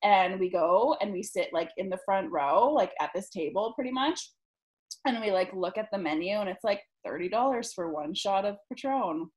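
A young woman podcast host telling a story in casual chat, animated, laughing often and peppering her talk with "like". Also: medium pitch, moderate pace, low-quality recording. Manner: animated, laughing, lots of "like", swears freely.

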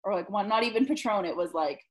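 A young woman podcast host telling a story in casual chat, animated, laughing often and peppering her talk with "like". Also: mid-range voice, fast talker, low-quality recording. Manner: animated, laughing, lots of "like", swears freely.

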